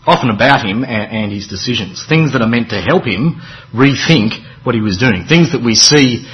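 A man's voice: medium pitch, animated, normal speed, highs cut off. A man preaching a sermon in a conversational, wry way, with dramatic emphasis and offhand asides.

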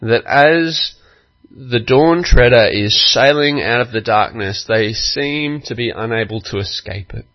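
Slow, earnest male pastor preaching. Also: medium pitch, highs cut off. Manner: slow, earnest storytelling with acted quotes. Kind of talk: sermon.

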